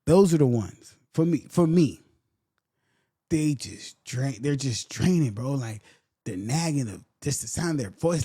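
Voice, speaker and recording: A man hosting a podcast in casual, blunt commentary. He repeats his points and briefly mocks other people in quick voices. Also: medium pitch, expressive, warm tone, husky. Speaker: podcast host.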